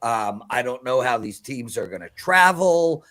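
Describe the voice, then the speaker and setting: A man's voice: medium pitch, animated, unhurried, fairly bright tone. A man giving emphatic, preachy sports betting picks on a live show.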